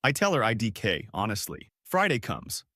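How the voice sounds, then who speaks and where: Man in his 20s, casual slangy story narration, lively pitch, dry close sound. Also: moderate pace, dry recording. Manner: casual, slangy, spelled-out abbreviations. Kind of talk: first-person story narration.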